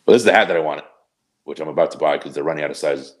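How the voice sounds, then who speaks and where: A man's voice: rumbling low, racing. A man co-hosting a podcast, explaining things in a laid-back casual chat and swearing offhandedly. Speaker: podcast co-host.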